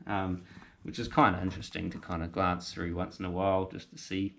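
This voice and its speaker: A man with a low, creaky voice speaks fairly quickly in a flat delivery, with slight background noise. He runs a car restoration channel and, with a New Zealand accent, talks into a handheld camera's mic in his garage, casually thinking aloud and correcting himself mid-task.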